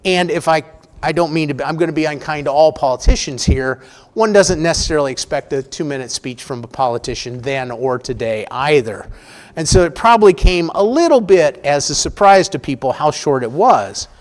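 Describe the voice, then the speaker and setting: Male history lecturer, slightly high voice, chatty, self-correcting, talking to a room. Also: lively intonation, brisk. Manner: reads the address with rising emphasis. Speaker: history professor giving a public talk. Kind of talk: public lecture with a read-aloud speech.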